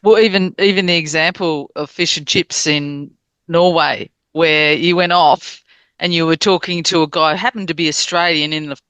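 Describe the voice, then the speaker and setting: A woman's voice: low voice, steady tone, moderate pace, a bit bright, clear, resonant tone, dry recording. A woman colleague on a call recalling an event eagerly.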